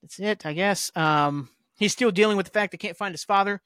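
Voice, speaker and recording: Fairly quick and a bit bright, this podcast host's voice sits high, captured in clean studio sound with no room sound. He rambles loosely through a casual episode recap, filler-heavy and cursing occasionally.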